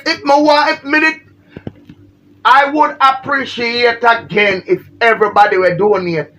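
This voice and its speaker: Jamaican lady ranting on her live, sharp bright tone, keeps repeating herself, sounds unwell. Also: a little high, unhurried. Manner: emphatic, pleading, repetitive. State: feeling unwell. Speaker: social media personality. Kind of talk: ranting on a livestream.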